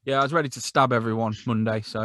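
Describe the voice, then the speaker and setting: A man's voice: mid-range voice, fairly even intonation, quick pace, a bit bright. A British man co-hosting a comedy podcast over a video call, giving laid-back, dry replies. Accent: British English. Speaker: podcast co-host. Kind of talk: casual comedy banter.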